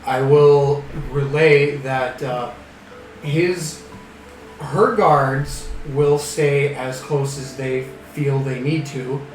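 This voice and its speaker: A man playing a tabletop game, speaking haltingly, with fillers. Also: mid-range voice, fairly even intonation. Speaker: player. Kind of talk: tabletop game play, casual. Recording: very echoey, distant mic, music.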